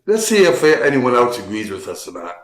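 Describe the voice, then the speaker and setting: A man's voice: mid-range voice, big pitch swings, brisk, reverberant. A man co-hosting a casual show, reacting to posts with wry jokes. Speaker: co-host. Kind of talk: casual chat.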